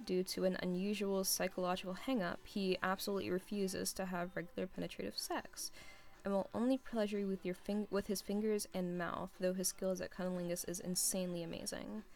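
A woman's voice: medium pitch, a little mellow. A young woman in her twenties chatting casually as she answers listener questions, rambling and giggly, with many fillers. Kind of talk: casual chat.

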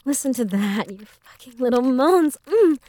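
A young woman playing a teasing, bossy roommate, speaking in a hushed, playful way with frequent soft laughs in an intimate audio role-play. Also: sits high, lively intonation, normal speed, no echo.

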